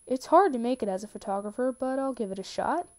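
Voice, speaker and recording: Earnest young man, gentle and sincere, read by a woman, higher-pitched than usual for the part, mellow tone. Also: lively intonation, fast, lightly acted. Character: young man, tender and determined.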